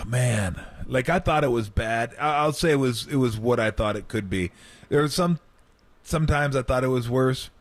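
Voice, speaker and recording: A man's voice: medium pitch, moderate pace. Middle-aged guy on sports radio, telling old locker room stories, lots of voices and laughs. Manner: animated storyteller, acts out quotes, laughs often. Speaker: former basketball player guest. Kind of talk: radio sports talk storytelling.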